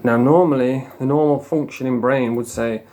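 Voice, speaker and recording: A man's voice: mid-range voice, steady tone, moderate pace, mellow. A man, a former addict telling his story in a frank, casual monologue full of swearing. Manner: frank, swears a lot, plain-spoken.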